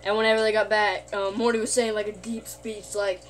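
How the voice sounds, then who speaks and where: A woman's voice: mid-range voice, little pitch movement, a little fast, slight background noise. A woman casually retelling a cartoon's plot in a rambling way, full of fillers and self-corrections. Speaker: video host.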